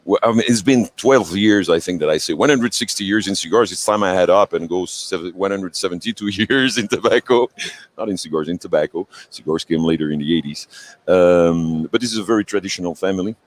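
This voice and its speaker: Deep-voiced Belgian man, playful. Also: fairly quick. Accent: Belgian French. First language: French. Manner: playful, self-mocking. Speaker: cigar brand manager. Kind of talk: casual interview chat.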